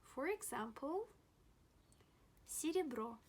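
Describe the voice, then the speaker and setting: A young woman teaching a pronunciation lesson, speaking slowly and deliberately and repeating each example word several times. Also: high-pitched, big pitch swings, darkish tone, slight background noise. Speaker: language teacher.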